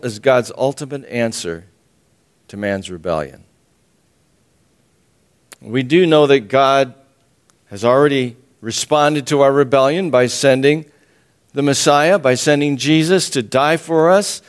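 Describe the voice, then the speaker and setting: A man preaching a sermon and teaching from the Bible, emphatic, repeating his phrases, often clearing his throat and chuckling. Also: medium pitch.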